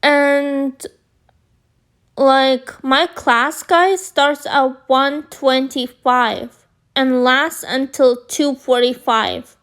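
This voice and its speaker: A woman vlogger telling a story to her viewers, rambling with lots of fillers, her voice a bit hoarse from screaming. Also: sits high, steady tone, drawn-out words, fairly bright tone. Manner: rambling, filler-heavy, addresses viewers as guys. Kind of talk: storytime chat.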